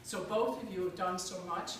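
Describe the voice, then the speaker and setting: A woman's voice: fairly low pitch, normal speed. A woman giving an informal thank-you speech with a gift, chatty and rambling, laughing as she goes. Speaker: congregation member giving a gift. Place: large echoey church hall. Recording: echoey hall, distant mic, background noise.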